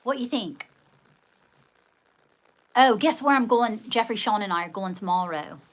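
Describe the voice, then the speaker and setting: A woman's voice: mid-range voice, lively intonation, unhurried, background noise. A woman hosting a casual livestream, chatting with viewers and thanking them, often calling them darling. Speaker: livestream host.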